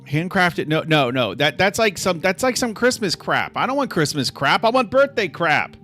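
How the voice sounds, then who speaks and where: A man's voice: high voice, big pitch swings, moderate pace, bright, forceful tone, faint music behind. A man hosting a casual live stream, sarcastic and full of mock outrage. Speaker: livestream host.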